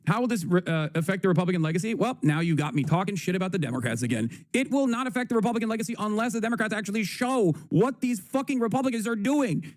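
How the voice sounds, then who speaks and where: A man gives sarcastic, profanity-laced political commentary on a livestream. He pushes his points combatively and in a high voice. The sound is dry and close. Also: lively intonation, fast, no echo. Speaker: livestream host.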